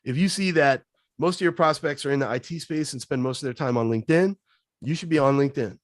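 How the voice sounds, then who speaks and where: A man as a guest sales trainer, answering webinar questions in a punchy, energetic coaching way. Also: on the high side, fast talker, dry recording, studio quality.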